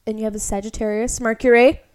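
A young woman talks through a friend's horoscope in easy, casual podcast chat. Her voice sits a little on the high side, and she scatters "like" and "um" through her sentences as she reads and riffs. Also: little pitch movement, quick pace, darkish tone, smooth. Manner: chatty, heavy use of "like". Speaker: podcast co-host. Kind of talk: casual chat, reading an astrology chart aloud.

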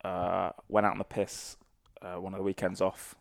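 A man with a low, gravelly voice recounts old training stories in a loose, profane, storytelling way. He is recorded close and dry, with no room sound. The interview is casual. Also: monotone, normal speed, no echo. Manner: salty, sweary anecdotal storytelling. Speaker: guest, former army sniper.

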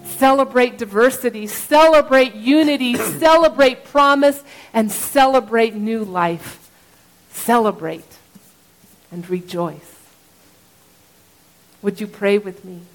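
A woman pastor preaching a sermon in slow, repeated phrases, at times singing a refrain. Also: on the high side, rough recording.

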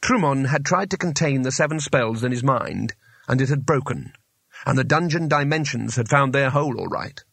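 Guy reading a fantasy audiobook, lively bouncy pitch, dry close studio sound. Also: vocal fry, husky, no room sound. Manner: expressive, measured storytelling. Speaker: audiobook narrator. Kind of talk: scripted narration.

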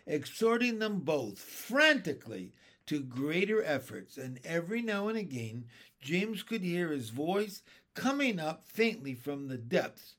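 Older man reading a storybook slowly. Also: on the high side. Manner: unhurried, expressive storytelling. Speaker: reader. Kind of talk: children's book read-aloud.

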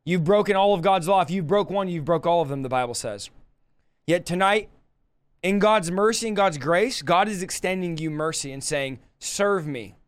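A man's voice: high voice, normal speed, smooth, no room sound. A man preaching a sermon with an impassioned, repetitive cadence.

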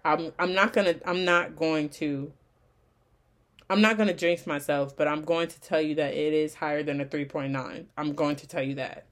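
Animated woman telling a story casually. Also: deep voice, normal speed. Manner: animated, repeats phrases, slangy and conversational. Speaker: vlogger and online college student.

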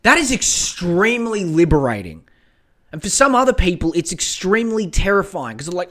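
A man's voice: sits high, very animated, fast talker, a bit bright. A young man hosting a solo podcast on a home mic, ranting bluntly with plenty of swearing and rambling. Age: young adult. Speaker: podcast host.

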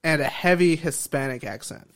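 A man's voice: fairly high pitch, moderate pace, fairly bright tone. A man in a casual podcast chat, telling stories in a laid-back way with casual swearing.

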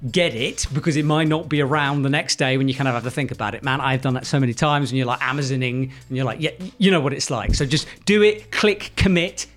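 A man's voice: medium pitch, quick pace, hardly any pauses, a bit bright, faint music behind. A man co-hosting a casual video chat, jokey and rambling as he talks. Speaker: co-host.

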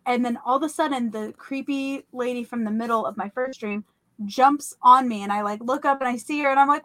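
A young woman hosting a podcast, telling about a vivid dream in a casual, animated way full of "like" and fillers. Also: high voice, moderate pace, no room sound. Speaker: podcast host. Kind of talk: casual storytelling.

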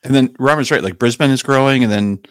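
A man co-hosting a podcast, excitable and laughing a lot in casual chat. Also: mid-range voice, fast, no echo, clean studio sound. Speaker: podcast co-host.

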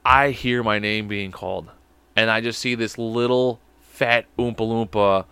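A man's voice: lowish voice, steady tone, measured pace, bright, forceful tone, clean tone, no room sound. A young man with a Chicago accent telling a breakup story on a podcast, profane and rambling, laughing often. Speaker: podcast co-host. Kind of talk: casual storytelling.

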